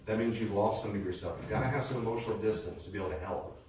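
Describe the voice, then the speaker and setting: A man teaching a class in a conversational way, telling stories with a lively manner to a live audience. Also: fairly low pitch, rapid-fire. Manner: lively storytelling, lecturing. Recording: echoey room, distant mic, faint noise.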